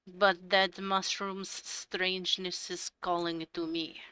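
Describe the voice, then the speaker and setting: A woman playing a tabletop game, speaking in a measured, slightly formal way. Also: fairly low pitch, flat delivery, pushed and bright, clean tone, no room sound.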